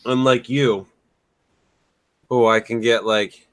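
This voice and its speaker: A man with an ordinary, mid-pitched voice hosts a podcast in a jokey, teasing way. He trades quick sarcastic jabs with his co-hosts in loose, casual talk. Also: expressive, fairly bright tone. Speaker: podcast host.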